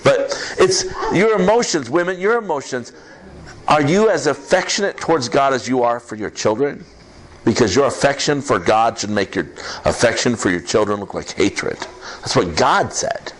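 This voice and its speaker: A man preaching a sermon as pastor to a congregation, in an animated, conversational way with quick asides. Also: medium pitch, slight background noise. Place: church service with congregation.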